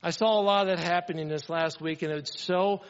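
A man's voice: a little high, steady tone, a little fast, in a large hall, dull audio. A man preaching a sermon in an earnest, conversational way, often asking the congregation questions. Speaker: pastor.

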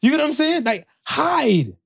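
A man's voice: extremely high pitch, big pitch swings, moderate pace, creaky, dry recording, clean studio sound. A man from Canada co-hosting a podcast in casual chat, slangy and rambling with lots of fillers and restarts. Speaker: podcast co-host.

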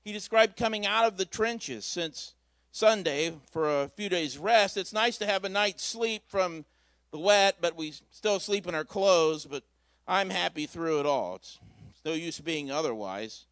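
A man's voice: high voice, lively intonation, unhurried, fairly bright tone, no echo. A man preaching a Christmas Eve sermon in a church, telling a story in a folksy, conversational way with asides. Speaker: pastor.

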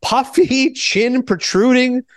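A man hosting a podcast in casual chat, animated and talkative, jumping from thought to thought. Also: extremely high pitch, slow, no room sound. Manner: animated, chatty, jumps between thoughts. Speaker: podcast host.

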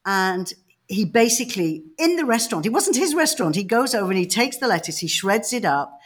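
A woman from the north of England, co-hosting a podcast and telling stories in a lively, emphatic, casual way. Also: mid-range voice, fairly quick. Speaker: podcast co-host. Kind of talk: casual chat.

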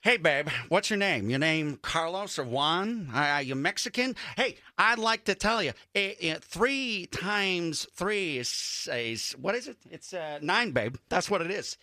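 A man putting on a brash, high impression of a famous entertainer playing a teacher. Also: animated, unhurried, hardly any pauses, bright, forceful tone, no echo, studio quality, heavily acted. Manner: high, brash, repeating "babe".

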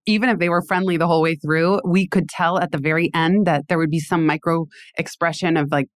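A woman hosting an interview, telling stories in an animated way with emphatic repeats. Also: lowish voice, fairly quick, dry recording, clean studio sound. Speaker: podcast host. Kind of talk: conversational interview.

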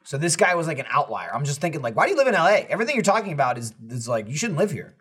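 A man's voice: fairly high pitch, big pitch swings, racing, a bit bright, breathy edge. A man co-hosting a podcast, telling stories in a rambling, profane way with lots of fillers. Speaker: podcast co-host. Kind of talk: casual chat.

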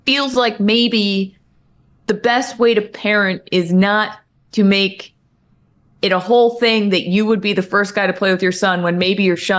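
A young woman co-hosting a sports talk show, blunt and animated in her opinions. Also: medium pitch. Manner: animated, blunt, quick reactions. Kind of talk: casual sports talk banter.

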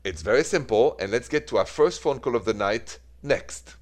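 A man from France with a French accent, hosting a call-in love and relationships radio show, unhurried and mixing in French greetings. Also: medium pitch, expressive. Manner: warm-toned, unhurried, mixes French greetings into English. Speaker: radio advice show host.

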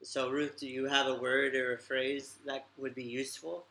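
Relaxed man hosting a chat. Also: mid-range voice, moderate pace, creaky. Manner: relaxed, leads the talk with short questions. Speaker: host. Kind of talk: casual group chat about learning Chinese. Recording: echoey room.

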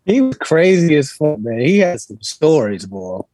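Animated storyteller; man, lively pitch, slightly husky, keeps laughing. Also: unhurried, dry recording. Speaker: podcast co-host. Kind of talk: casual podcast chat.

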